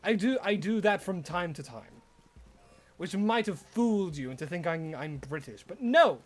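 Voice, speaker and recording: High, lively Australian man streaming. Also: moderate pace. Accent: Australian with some American. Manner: chatty, answers viewer questions as they come. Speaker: live streamer. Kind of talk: casual live-stream chat.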